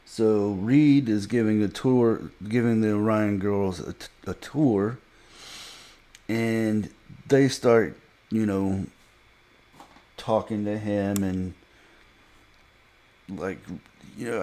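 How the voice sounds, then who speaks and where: A man casually recapping a TV episode for a podcast, halting with frequent fillers and restarts. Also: fairly low pitch, warm tone. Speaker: podcast reviewer.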